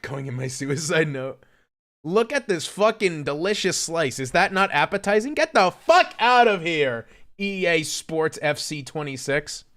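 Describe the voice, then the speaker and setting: Bright-voiced swearing young streamer. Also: male voice, on the high side, big pitch swings, measured pace. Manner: profane, mocking, incredulous. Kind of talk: casual livestream rant.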